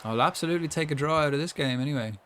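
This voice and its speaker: A man's voice: fairly high pitch, racing, background noise. A young man chatting casually while commentating his own football management game, rambling with lots of asides. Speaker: gaming streamer.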